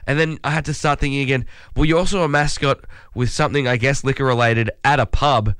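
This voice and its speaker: A man co-hosting breakfast radio, telling a story in a lively way and laughing as he goes, his voice a bit croaky. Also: medium pitch, fast talker, no room sound, studio quality. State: slightly croaky voice. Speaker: radio co-host. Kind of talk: casual breakfast radio chat.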